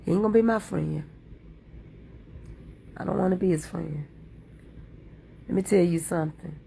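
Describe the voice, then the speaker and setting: Fervent gravelly woman preaching on livestream. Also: fairly low pitch, moderate pace, dark tone, a little hiss or hum. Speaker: livestream content creator. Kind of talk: impassioned livestream talk.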